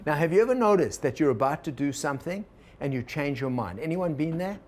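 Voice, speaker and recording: Man lecturing with a lively storytelling voice. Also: fairly high pitch, brisk, slight background noise. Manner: storytelling with quoted inner voices, asks the audience questions. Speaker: organizational consultant teaching a workshop. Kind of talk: workshop lecture.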